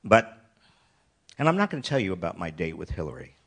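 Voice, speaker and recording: An older man from the United States shares a memory from his student days. His voice sits somewhat low and he speaks in a halting way, circling back over his own phrases. His humor is wry and turned on himself. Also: sing-song, background noise. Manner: wry, self-deprecating, halting with restarts. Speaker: storyteller. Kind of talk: personal anecdote talk.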